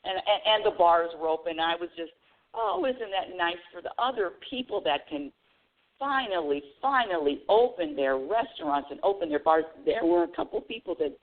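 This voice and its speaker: Animated woman host on a tinny line. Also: moderate pace. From United States. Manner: animated storytelling with bursts of high excited squeals. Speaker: radio show host. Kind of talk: casual spiritual talk monologue. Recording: tinny phone-line audio.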